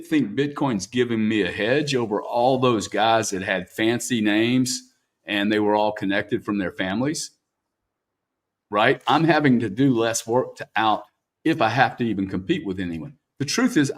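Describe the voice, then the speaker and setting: A man's voice: on the low side, expressive, normal speed. A man interviewing a guest, talking bluntly and profanely and tagging "man" onto his sentences. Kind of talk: candid interview talk.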